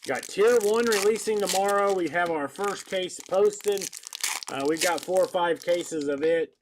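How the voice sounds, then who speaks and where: A man hosting a live card break, chatting casually and rattling off a list of names in a brisk, matter-of-fact way. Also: high voice. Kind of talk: casual live-stream chat. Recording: background noise with wrapper crinkling.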